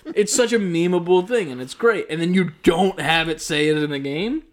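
A man's voice: high-pitched, normal speed. Joking man in slangy chat. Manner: joking, slangy, swears casually. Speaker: podcast co-host. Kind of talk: casual chat.

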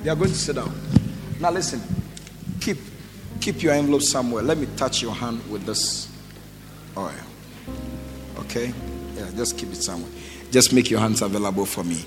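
With music in the background, a pastor speaks at normal speed in a mid-range voice, pausing often. He calls churchgoers up to give offerings, repeats short commands, and fires off questions, the sound echoing through a hall with a little noise.

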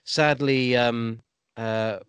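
A man's voice: medium pitch, fairly even intonation, drawn-out words, a bit bright, clean tone, no room sound. A man guesting on a podcast, hesitant with many ums and a dry wit. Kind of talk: casual chat.

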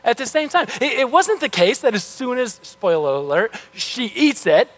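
A man's voice: very high-pitched, expressive, moderate pace, fairly bright tone, in a large hall. A male pastor giving a sermon in a loose, conversational way with frequent restarts, heard in a church. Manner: casual, conversational, self-correcting.

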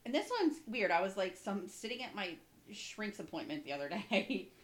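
An emotional, chatty woman co-hosting a casual talk show. She talks with a gushing, effusive manner and is quick to tear up. Her voice sits at an everyday middle pitch. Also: animated, rough recording. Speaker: podcast co-host. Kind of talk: casual chat.

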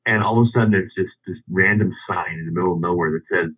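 Low, husky man telling a rambling story, on a tinny phone line. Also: fast talker. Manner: rambling, with many restarts and chuckles. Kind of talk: casual anecdote.

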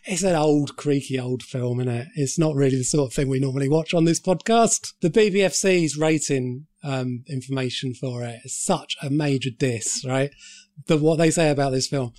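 A man's voice: medium pitch, normal speed, a little mellow. A man hosting a podcast, chatting casually about films with a sweary, joking manner and frequent laughter. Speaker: podcast host. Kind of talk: casual film-review chat.

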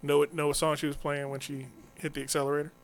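A man co-hosting a comedy podcast in casual banter, loud and animated, slipping into movie impressions. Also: fairly high pitch, fast, creaky, very noisy. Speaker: podcast co-host. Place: podcast studio.

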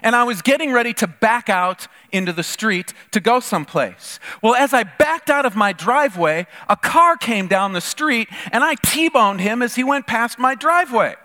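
A man's voice: very high voice, lively intonation, moderate pace, hardly any pauses, pushed and bright, in a large hall, pitched above the performer's own voice, heavily acted. A man voicing a stubborn male coworker who insists, self-assured, that he is in the right. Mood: insistent.

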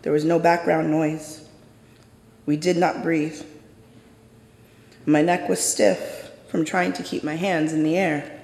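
A man performs a dramatic first-person story on stage, measured and intense, with deliberate pauses. His voice sits a little high with a gravelly edge. It rings through a large, reverberant theater. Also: flat delivery, darkish tone. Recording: echoey hall with long reverb.

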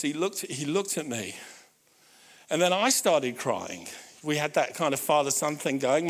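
A middle-aged pastor tells a story from the pulpit in a slightly higher-than-usual man's voice. He checks in with his listeners and often restarts his sentences. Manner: animated personal storytelling with frequent restarts and audience asides. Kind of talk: sermon storytelling.

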